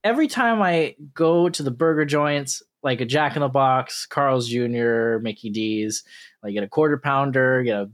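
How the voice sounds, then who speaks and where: A young man co-hosting a casual podcast, telling animated stories, swearing and acting out dialogue in funny voices. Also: medium pitch, normal speed. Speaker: podcast co-host. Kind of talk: casual chat.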